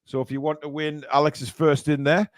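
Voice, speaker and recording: A man with a slightly high, fairly flat voice talks quickly on a dry recording. He's hosting a charity live stream, reading out donations and super chats with mock outrage and laughing at the cheeky comments in a casual chat.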